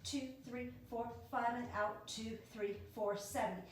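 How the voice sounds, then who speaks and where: A woman's voice: on the high side, fairly even intonation, unhurried. A woman leading a home pilates class, counting reps and cueing breaths in an encouraging way. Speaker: pilates instructor. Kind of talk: guided exercise class. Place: dining room at home. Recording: very echoey room, distant mic, faint noise.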